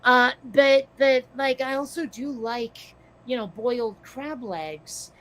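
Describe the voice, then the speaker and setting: A woman chatting casually as a podcast co-host, slightly hoarse from losing her voice, musing and questioning herself as she talks. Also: high-pitched, slow, a bit bright, slight background noise. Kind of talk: casual chat.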